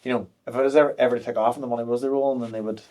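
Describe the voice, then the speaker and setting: A man's voice: medium pitch, fairly even intonation, racing, warm tone. A man in his thirties, a podcast guest talking openly and frankly, with plenty of fillers and restarts. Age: 30s. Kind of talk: candid podcast conversation.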